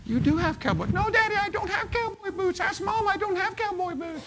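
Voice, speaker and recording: A man voicing an excited little girl with a high, cartoonish voice, pleading and animated as she insists on her point. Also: brisk, slight background noise. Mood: insistent.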